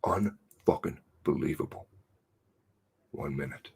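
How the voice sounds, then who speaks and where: Furious husky man ranting. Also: rumbling low, takes it slowly. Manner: furious ranting, swearing, swinging from shouts to hushed mutters. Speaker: channel host. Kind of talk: angry commentary reading a news release.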